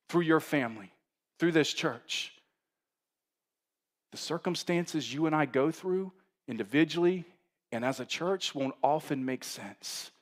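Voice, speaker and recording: A middle-aged man preaching a sermon as pastor, conversational and animated, building up to bursts of emphasis. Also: on the high side.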